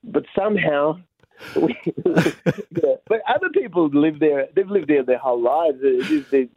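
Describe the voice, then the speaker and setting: A man, a comedian guest on a radio interview, telling an animated, self-mocking story and acting out the people in it. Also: on the high side, unhurried, breathy edge, dry recording. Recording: slightly dull radio sound.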